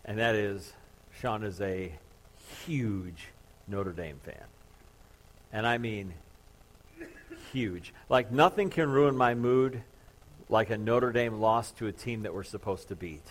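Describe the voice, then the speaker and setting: A man's voice: on the low side, moderate pace. A man in his thirties, a pastor preaching to his church congregation, telling a story in a casual, joking, self-deprecating way. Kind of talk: sermon.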